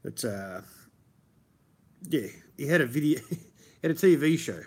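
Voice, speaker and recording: A man's voice: on the high side, lively intonation, unhurried, a little mellow, slight background noise. A man with a broad Australian accent, chatting and rambling casually as a stream host, swearing freely and calling everyone mate. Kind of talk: casual chat.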